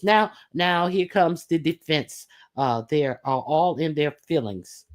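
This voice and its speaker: A woman's voice: low-pitched, lively intonation, slow pace, few pauses. A woman giving casual reaction commentary on a clip, profane and sarcastic.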